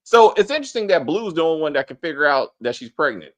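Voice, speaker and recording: Male host for a casual show recap; animated, crude, mimics characters. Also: on the high side, fast. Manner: animated, swearing, acts out characters' lines. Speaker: podcast host. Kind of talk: casual TV review chat.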